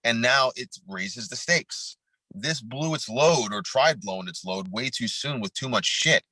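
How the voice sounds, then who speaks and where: A man's voice: mid-range voice, expressive, unhurried, bright, forceful tone, breathy edge, dry recording, rough recording. A man from New York co-hosting a podcast, ranting bluntly and profanely in casual chat about a film's plot. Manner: blunt, profane, rants with film and game detail. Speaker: podcast co-host.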